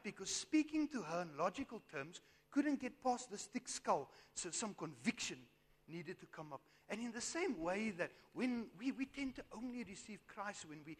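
A man preaching a sermon with emphatic rhetorical asides, his voice straining. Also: high-pitched. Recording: long hall reverb.

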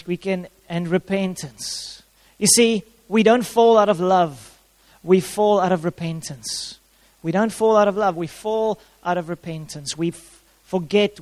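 A man preaching a sermon, repeating his key phrases for emphasis and showing props to his congregation. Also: high-pitched. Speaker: pastor. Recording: long hall reverb.

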